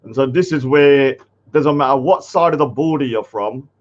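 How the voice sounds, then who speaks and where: A man's voice: medium pitch, moderate pace, dull audio. A man hosting a casual livestream, rambling with lots of fillers and getting easily annoyed. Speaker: host.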